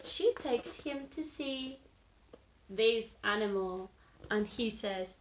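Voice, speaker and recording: A woman reading a picture book aloud to children, pausing to ask listeners questions. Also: a little high, expressive. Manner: asks listeners questions, lilting. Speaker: storyteller. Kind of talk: storybook read-aloud for children.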